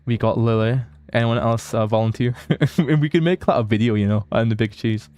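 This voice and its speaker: A man's voice: mid-range voice, normal speed, darkish tone. A Scottish man chatting casually with viewers while streaming a game, reading out their comments and often restarting his sentences. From Scotland. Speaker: livestreamer. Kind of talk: casual live gameplay chat.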